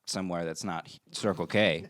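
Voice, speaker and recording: A man's voice: deep voice, steady tone, moderate pace, fairly bright tone, dry recording. A man co-hosting a podcast, telling a long crude story with swearing and frequent laughs. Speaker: podcast co-host. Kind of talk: casual podcast banter, storytelling.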